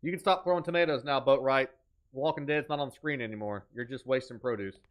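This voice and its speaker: A man's voice: medium pitch, fast talker. Joking man hosting a horror-game stream. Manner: energetic, joking, teasing chat. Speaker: streamer host. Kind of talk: live horror-game commentary.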